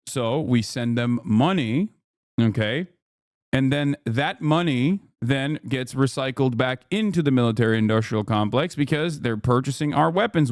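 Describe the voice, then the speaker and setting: Guy streaming, sarcastic rants about the news, dry close mic, mid pitch. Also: no echo. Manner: sarcastic, mocking, digressive. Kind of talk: casual live-stream commentary.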